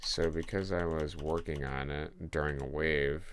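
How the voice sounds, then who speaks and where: A man with a very deep, gravelly voice thinks aloud in a casual, rambling way while streaming his game coding. He jokes with viewers between lines of code. A faint hiss sits under the recording. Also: fairly even intonation, a little slow.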